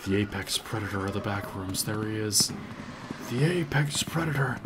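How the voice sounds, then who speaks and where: A man doing let's-play commentary on a horror game. He talks to viewers in a hush, swears, and yells in panic. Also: lowish voice, animated, normal speed, very noisy. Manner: hushed and careful, then yelling in panic. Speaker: gaming video creator. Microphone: desk mic.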